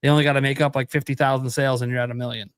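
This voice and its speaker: A man's voice: medium pitch, little pitch movement, very fast, smooth, dry recording, studio quality. Rambling man on a gaming podcast. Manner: rambling, restarts, thinks aloud with numbers. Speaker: podcast co-host. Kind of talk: casual podcast chat.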